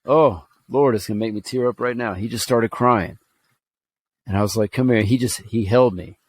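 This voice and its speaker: A man's voice: fairly low pitch, moderate pace, slight background noise. Earnest rambling man from Alabama. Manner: earnest, rambling, with many fillers and restarts. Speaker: podcast co-host. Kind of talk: casual podcast storytelling.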